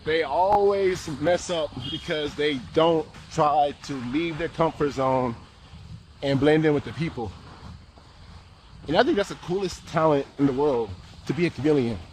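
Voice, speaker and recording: A young American man vlogging outdoors, talking in a slangy, laid-back, animated way as he walks city streets. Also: fairly high pitch, measured pace, slight background noise. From United States. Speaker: travel vlogger. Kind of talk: casual walk-and-talk vlog.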